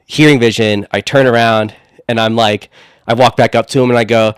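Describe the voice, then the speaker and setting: A man's voice: mid-range voice, fairly even intonation, a little fast, smooth, no room sound, clean studio sound. A man co-hosting a podcast, telling a long story in a rambling way with lots of fillers. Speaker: podcast co-host. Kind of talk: casual podcast chat.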